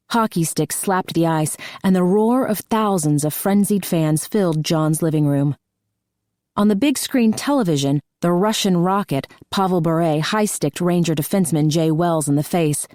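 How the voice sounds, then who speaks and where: A woman reading an audiobook as narrator in a steady, measured way, close to a studio mic. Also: on the low side, no room sound. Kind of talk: scripted narration.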